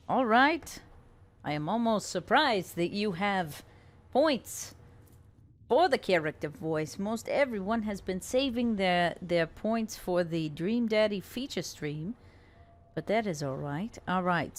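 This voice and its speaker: A woman's voice: medium pitch, expressive, slow. A female streamer giving chatty, casual commentary while playing, reading out viewer names. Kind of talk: casual let's-play commentary.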